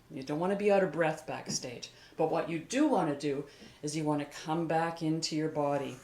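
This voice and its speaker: An older woman, a vocal coach, giving a calm, encouraging singing lesson on video and talking through an exercise as she moves. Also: low-pitched, slight background noise. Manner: calm, encouraging, demonstrates while moving. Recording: echoey room.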